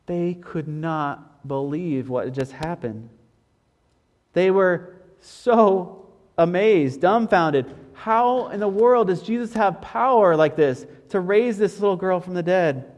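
A high-pitched male pastor speaks to his congregation in a long, ringing hall. He is earnest and slows down to repeat his main points. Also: expressive, a little mellow. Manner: earnest, repeats key phrases slowly. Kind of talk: sermon.

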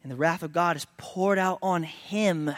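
A man preaching a sermon, moving between casual asides and loud, emphatic declarations, at times dropping to a hush. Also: a little high, measured pace, no room sound, studio quality. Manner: conversational preaching that swings from hushed to loud and emphatic. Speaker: pastor.

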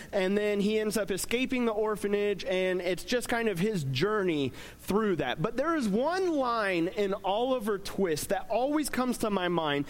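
Young man, pastor, high voice, relaxed joking sermon, conversational. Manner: casual, joking, conversational preaching with fillers.

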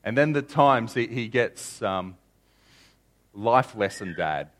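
A man's voice: medium pitch, animated, slow, a bit bright. A man preaching a sermon in a conversational way, stumbling over restarts and repeating key lines. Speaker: pastor.

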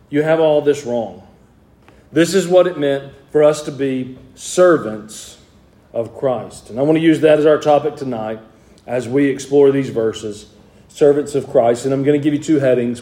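A man preaches an evening sermon, reading scripture aloud in King James wording and then explaining it in plain words. His medium-pitched voice has a warm tone, and the sound is roomy.

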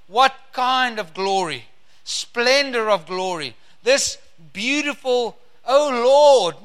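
Fervent bright-voiced preacher. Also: male voice, sits high. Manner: fervent, drawn-out emphasis on key words. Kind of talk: sermon with scripture reading.

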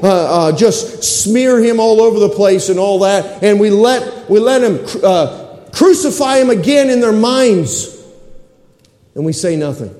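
A high-pitched male pastor preaches in a rhythmic, repeating cadence. His voice is mellow rather than bright, carrying with a long reverb through a roomy church sanctuary. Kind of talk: sermon. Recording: echoey church hall.

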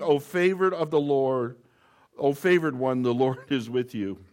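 A middle-aged man preaching a sermon, reading scripture aloud and explaining it in a conversational way with stories from home. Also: on the high side. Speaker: pastor.

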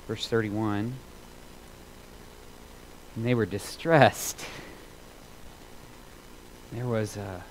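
A man preaching a sermon as a pastor, earnest and emphatic, repeating phrases for weight and moving between loud and hushed delivery. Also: medium pitch, a little hiss or hum, rough recording.

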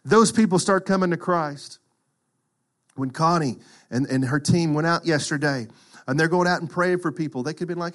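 A middle-aged man preaching a sermon, acting out quotes and swinging from loud to hushed. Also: fairly high pitch, moderate pace. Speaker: pastor.

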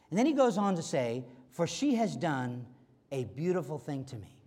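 A man preaching a sermon as pastor, animated and acting out quoted voices. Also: on the high side, normal speed. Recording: long hall reverb.

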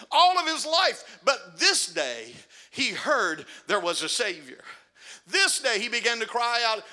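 A male pastor preaching a sermon, telling stories quietly and then rising to shouted, fervent climaxes. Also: sits high. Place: church sanctuary.

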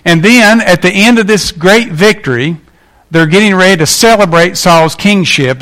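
A man's voice: sits high, a little slow, a bit bright. A man preaching a sermon in a folksy, emphatic way, often asking the congregation questions. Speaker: pastor.

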